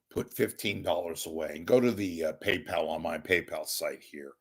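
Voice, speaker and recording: A hoarse, congested man with a crackling voice, hosting his own show in a rambling comic monologue, joking at his own expense and swinging from loud to hushed. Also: low voice, moderate pace, hardly any pauses. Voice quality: gravelly, crackling. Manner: wisecracking, self-deprecating, swings from loud to hushed. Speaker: podcast host asking for donations.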